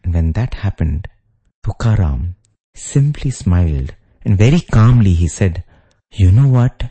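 A man's voice: sits low, sing-song, unhurried, dark tone, breathy edge. A man giving a devotional talk, retelling stories of saints and acting out their lines. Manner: storytelling, acts out quoted lines. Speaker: spiritual speaker.

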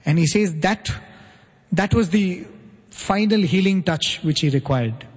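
Man, devotional talk, earnest storyteller, raspy tone, long hall echo. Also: high voice, expressive, a little slow. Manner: earnest, checks in with listeners by asking "right?". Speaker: spiritual speaker.

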